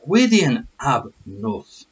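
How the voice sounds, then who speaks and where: A man's voice: mid-range voice, animated, moderate pace, slightly rough, lo-fi sound. A man voicing a stern female officer, a goddess-cat, who scolds like a teacher or a mother. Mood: scolding.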